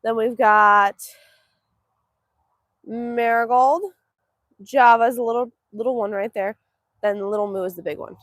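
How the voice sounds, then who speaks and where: A woman's voice: a little high, fairly even intonation, unhurried, long pauses, fairly bright tone, dry recording. A woman from Northeast Texas, hosting a casual livestream from an outdoor cow pen. She chats affectionately, answers viewer comments and coos to the animals in a sing-song baby voice. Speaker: livestream host.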